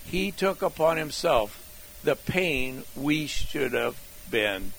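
Guy preaching real slow, repeats stuff, a bit of vocal fry. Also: fairly high pitch, animated, fairly bright tone, slight background noise, low-quality recording. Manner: deliberate, repeats key phrases. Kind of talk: slow scripture teaching from an outline.

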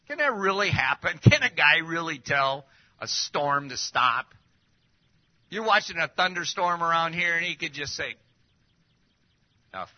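Guy giving a sermon, kinda high voice, tons of questions, goes loud then real quiet, muffled lo-fi audio. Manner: lively, rhetorical questions, drops to near-whispers. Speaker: preacher. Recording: dull lo-fi recording.

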